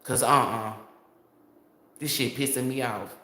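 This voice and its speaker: A man's voice: mid-range voice, a little slow, bright, forceful tone. Heated, profane man ranting in an echoey room. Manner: heated, profane, rambling rant. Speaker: tarot reader. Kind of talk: tarot reading monologue.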